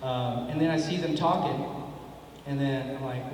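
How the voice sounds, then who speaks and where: A man's voice: mid-range voice, normal speed, darkish tone. A middle-aged man telling stories at a convention panel, laid-back and laughing, acting out dialogue as he goes. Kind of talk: storytelling at a fan panel. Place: large convention hall. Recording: echoey hall from far off, faint noise.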